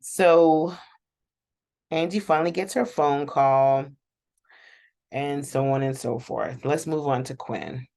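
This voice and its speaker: A woman with a low, unhurried voice rambles through a TV episode recap from her seat at home. She talks straight to her viewers and laughs often along the way. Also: creaky, warm tone. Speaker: show reaction host.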